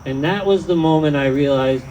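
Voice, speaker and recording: A man's voice: on the high side, normal speed, a little mellow, a little hiss or hum, poor audio. A man doing a rambling, self-deprecating stand-up set in an outdoor tent, often trailing off mid-thought. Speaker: stand-up comedian.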